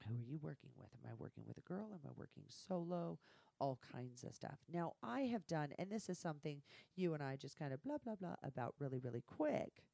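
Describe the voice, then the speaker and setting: Low, mellow-voiced woman telling blunt stories. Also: a little fast, gravelly, dry recording. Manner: blunt, profane, animated storytelling. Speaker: guest. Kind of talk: candid podcast storytelling.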